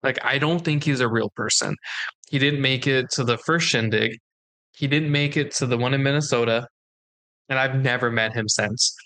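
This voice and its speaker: A man's voice: mid-range voice, normal speed, sharp tone. A young man co-hosting a podcast, telling a story in casual chat and acting out the dialogue. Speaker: podcast co-host.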